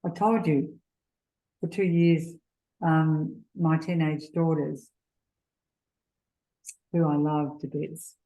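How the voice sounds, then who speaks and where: A middle-aged woman giving a gentle, earnest faith seminar talk, sharing personal stories. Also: low-pitched, steady tone, takes it slowly, pauses often, muffled recording. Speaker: seminar speaker.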